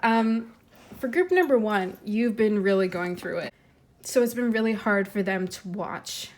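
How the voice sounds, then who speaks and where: Woman doing a tarot reading, gentle, kinda teary, lots of ums and restarts. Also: medium pitch, lively intonation, measured pace. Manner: gentle, heartfelt, with many fillers and restarts. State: tearful, fighting emotion. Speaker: tarot reader. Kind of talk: intuitive tarot reading to camera.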